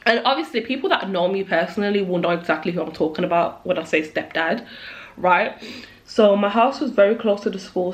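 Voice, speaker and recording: A woman's voice: medium pitch, rough recording. A young woman, chatting casually and nervously to camera while doing her makeup, jittery and close to tears, full of likes and restarts. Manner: nervous, jittery, emotional, trailing off with many likes. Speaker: beauty vlogger.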